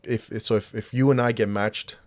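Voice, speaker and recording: A man's voice: mid-range voice, steady tone, normal speed, no room sound. A man co-hosting a casual podcast, rambling with many restarts and acting out quoted dialogue. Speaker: podcast co-host.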